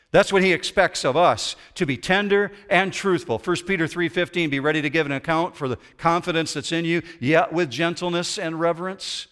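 Pastor guy preaching to his church, kinda high voice, really animated. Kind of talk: sermon. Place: church sanctuary before a congregation.

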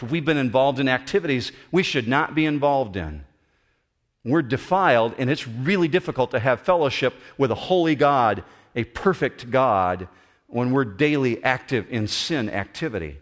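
A man preaching a sermon as pastor, animated and acting out the voices he quotes. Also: mid-range voice, unhurried. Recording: long hall reverb.

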